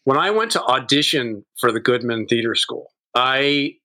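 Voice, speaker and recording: A man in his fifties, a guest who runs bars, telling stories in a lively, casual way, swearing freely and acting out what people said. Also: medium pitch, moderate pace, poor audio. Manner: animated, swears freely, acts out quotes. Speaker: guest, bar owner. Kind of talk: casual storytelling chat.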